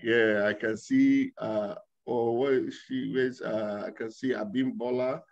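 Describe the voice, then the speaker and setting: A man preaching as a pastor, excitable, breaking into loud tongues and laughter. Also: mid-range voice, measured pace, highs cut off. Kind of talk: sermon with speaking in tongues.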